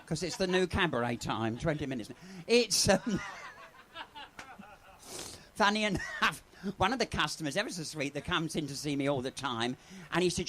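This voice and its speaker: Bawdy drag comedian, very lively pitch. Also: male voice, moderate pace, a little hiss or hum. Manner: bawdy, chatty, teases the audience. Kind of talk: live stand-up comedy. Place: pub stage with a live audience.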